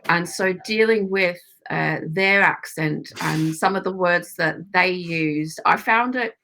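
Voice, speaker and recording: An Australian woman speaks as a podcast guest in a loose, chatty way and laughs easily between phrases. Her voice sits a little low, with a bright, forward edge. Under that bright tone runs a gravelly, fried texture. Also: slow pace. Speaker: guest, club photographer. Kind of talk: casual interview chat.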